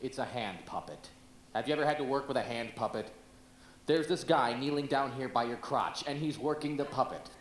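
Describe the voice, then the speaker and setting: A man's voice: medium pitch, a little fast, echoey room, slight background noise, lightly acted. A man playing a defensive young TV actor, exasperated and sarcastic, on an amateur stage.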